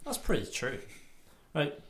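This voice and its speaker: A man's voice: a little high, huge pitch swings, unhurried, a bit bright, a little hiss or hum. A man hosting a casual podcast, bantering and joking at his own expense. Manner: jokey, self-mocking banter. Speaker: podcast host.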